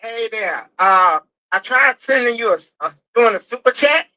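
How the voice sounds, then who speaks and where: A man phoning in to a livestream and chatting in a plain, slightly halting way. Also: extremely high pitch, expressive, sharp tone. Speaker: caller. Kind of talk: phone-in call. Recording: dull lo-fi call audio.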